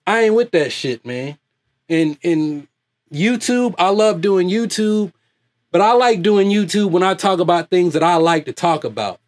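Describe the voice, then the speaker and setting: A man with a high, lively voice rants loudly and off the cuff as host of his own online channel. He swears freely and laughs often as he talks. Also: measured pace. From United States. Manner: loud, animated, laughs often. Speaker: YouTube host. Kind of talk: profane off-the-cuff rant.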